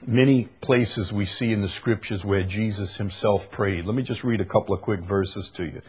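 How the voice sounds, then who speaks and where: A man teaches a Bible study group, walking through his points carefully and stopping to read passages aloud. His voice is husky and slightly rough. He speaks in a patient, explanatory way and often uses fillers between phrases. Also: on the low side, fairly even intonation, moderate pace, a little mellow.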